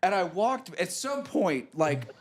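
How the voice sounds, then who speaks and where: A man guesting on a podcast, telling stories in a dry, deadpan way. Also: sits high, slow. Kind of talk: casual chat.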